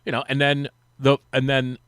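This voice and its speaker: A man on sports radio telling a long anecdote in casual chat, acting out the quotes with a rising, lively voice. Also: mid-range voice, normal speed, clear, resonant tone, no echo. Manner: animated, acts out quotes with rising voice. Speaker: sports radio guest, former team reporter. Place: radio studio.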